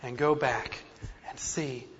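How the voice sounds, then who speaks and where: A man's voice: mid-range voice, steady tone, slow pace, a bit bright, a little hiss or hum. A man preaching a sermon with earnest, self-deprecating emphasis and a slight speech impediment. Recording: dull lo-fi recording in a reverberant hall.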